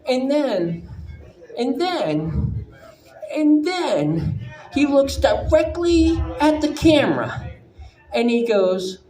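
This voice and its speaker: A man telling a personal story to a live audience, animated and profane, stumbling through frequent restarts. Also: very high-pitched, extremely slow, pauses often. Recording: echoey room with audience noise.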